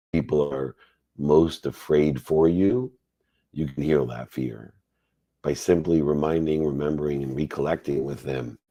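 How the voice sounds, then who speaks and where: A man's voice: rumbling low, a little mellow, dry recording. A man in his fifties answering a caller's question in a live Q&A, effusive and motivational. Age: 50s. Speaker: coach and host. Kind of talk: live Q&A talk on a call.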